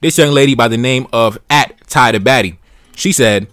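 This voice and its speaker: A man's voice: mid-range voice, fairly quick, fairly bright tone, no room sound, studio quality. A man in his twenties giving blunt, slangy reaction commentary, repeating phrases for emphasis. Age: 20s. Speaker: YouTube commentator.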